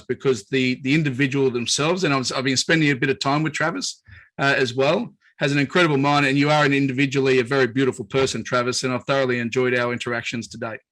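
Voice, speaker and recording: Host: Australian man, bright forceful voice, mid pitch, loose friendly rambling. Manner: rambling, friendly, many restarts. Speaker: podcast host. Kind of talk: casual interview chat.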